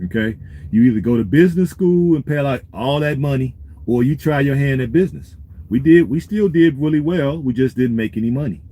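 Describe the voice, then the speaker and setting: A man's voice: medium pitch, dark tone. A man vlogging in a laid-back, street-wise way, talking to his viewers and giving business advice. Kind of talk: casual talk to camera.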